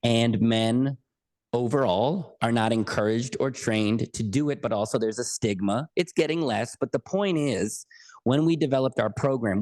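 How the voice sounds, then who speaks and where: Earnest man pitching his method. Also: darkish tone. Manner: earnest, emphatic, repeats key words. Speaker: podcast guest. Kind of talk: conversational interview.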